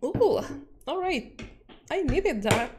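Very high-pitched panicky woman streamer. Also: sing-song, slow, noisy background. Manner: panicky, laughing often, yelling at the game. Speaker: vtuber streamer. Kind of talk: live gameplay commentary.

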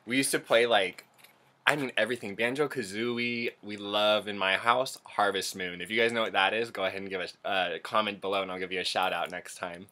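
A young adult man hosting an unboxing vlog, gushing and excitable, often gasping and squealing as he chats straight to his viewers. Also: lowish voice, brisk. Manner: chatty and direct to viewers. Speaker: channel host.

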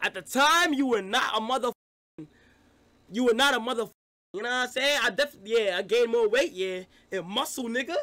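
Loud excitable young man streaming live. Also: very high voice, a little fast. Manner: loud, excitable, profane banter with chat.

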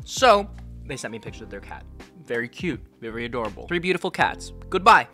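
Bright-voiced sarcastic young man. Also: on the high side, quick pace, soft background music. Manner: sarcastic and animated, swinging from mumbled asides to sudden yelps. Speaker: content creator. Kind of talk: reading fan messages aloud, casual vlog.

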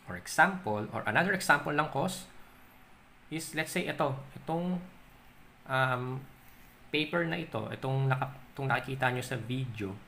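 A young Filipino man with a Filipino accent, teaching an accounting lesson on video. He reads definitions, then explains them with simple examples and pauses with "um.". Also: medium pitch, expressive, gravelly, bright, forceful tone, a little hiss or hum. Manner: explains in mixed Tagalog and English, reading definitions then giving examples; stretches out key terms, pausing with "um". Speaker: accounting tutor.

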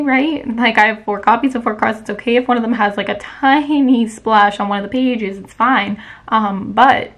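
A young woman chatting casually in a book vlog, excitable and full of fillers. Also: mid-range voice, moderate pace, few pauses. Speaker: book vlogger.

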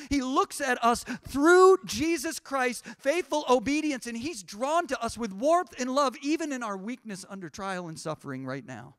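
A man's voice: very high voice, fairly bright tone, dry recording, studio quality. A man who is a pastor preaching a sermon, building his points in rising, repeated phrases with frequent restarts. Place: church sanctuary.

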